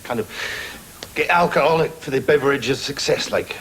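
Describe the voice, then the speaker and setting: A man's voice: medium pitch, fairly quick, a bit bright, slight background noise, lightly acted. A man with an English accent playing a pushy young husband, a trainee salesman who rambles eagerly and keeps saying "I mean", in a studio sitcom. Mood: sheepish. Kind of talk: 1980s studio sitcom acting.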